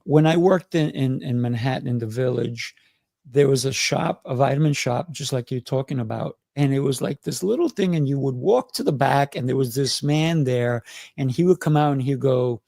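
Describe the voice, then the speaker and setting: A man's voice: mid-range voice, normal speed, gravelly, warm tone, no echo, studio quality. A man hosting an interview, enthusiastic and affirming, often restarting his phrases. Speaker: host. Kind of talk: casual interview.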